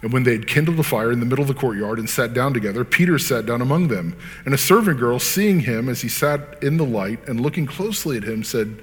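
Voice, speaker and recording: A man's voice: mid-range voice, fast, big-room sound. A man reading scripture aloud, then preaching in an earnest, conversational way with casual fillers. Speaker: pastor.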